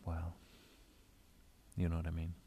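Low gravelly guy chatting tips from his bedroom, kinda flat and rambly. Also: unhurried, a little hiss or hum. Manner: relaxed, rambling explanation with filler phrases. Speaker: audio creator giving tips. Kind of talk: casual instructional talk.

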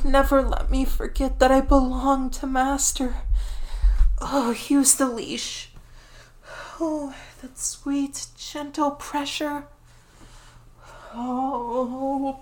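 A young woman voicing a devoted, eager dog-girl pet in a whispered role-play, breathy and pleading. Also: high-pitched. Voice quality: breathy, soft and hushed. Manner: pleading, affectionate and clingy. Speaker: voice actor.

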